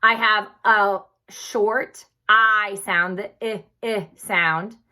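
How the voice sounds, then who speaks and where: A woman teacher giving a recorded spelling lesson to young children, speaking slowly and clearly in an encouraging way. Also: medium pitch, steady tone, pushed and bright.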